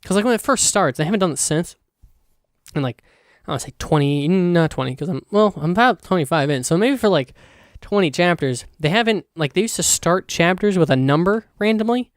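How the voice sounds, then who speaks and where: A young man chatting alone into his podcast mic, rambling and loose, full of fillers and restarts, with a casual curse here and there. His voice sits a little high and comes across smooth and clean. The sound is dry and close, with no room echo. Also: animated, a little fast. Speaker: podcast host. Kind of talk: casual solo podcast chat.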